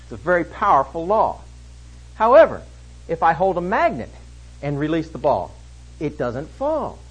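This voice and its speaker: A man preaching an expository sermon, emphatic, swinging between loud stresses and hushed lines. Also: a little high, very animated, normal speed, slightly rough, rough recording.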